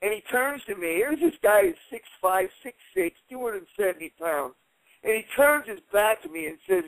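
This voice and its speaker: A man's voice: sits high, moderate pace, no echo, rough recording. A man in his forties, an interview guest and former fighter, telling a heated story and acting out what people said. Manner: animated, heated retelling with acted-out quotes.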